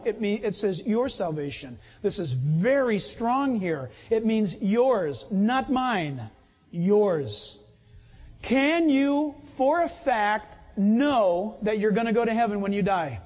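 A man preaching with a very high voice and a slow, deliberate pace. He delivers the sermon emphatically and acts out short scenes as he goes. The sound is a bit dull and rings with a long hall reverb. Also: darkish tone. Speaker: pastor.

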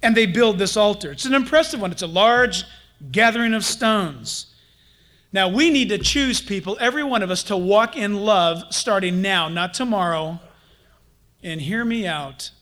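High-pitched guy pastor preaching a sermon, animated, does little voices for people. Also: moderate pace.

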